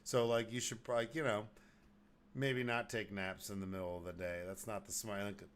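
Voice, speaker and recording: A man's voice: on the low side, little pitch movement, normal speed. A man from Texas hosting a podcast, ranting in casual, profane chat and mocking people in put-on voices. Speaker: podcast host.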